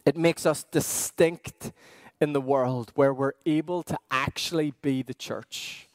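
Male pastor, slightly higher voice, earnest questioning sermon. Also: fairly even intonation, no echo. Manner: earnest, questioning, with slow emphatic pauses.

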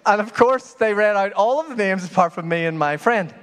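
A man preaching a sermon as pastor, telling stories in an animated way that swings from loud to hushed. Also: sits high, a little fast, smooth. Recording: long hall reverb.

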